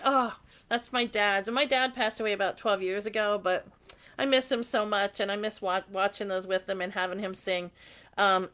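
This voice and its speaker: A middle-aged woman with a slightly hoarse voice, hosting a live jewelry sale, chatting casually and reading viewer comments. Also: medium pitch, a bit bright. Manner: chatty and sentimental, reads viewer comments aloud. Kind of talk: casual live-stream chat.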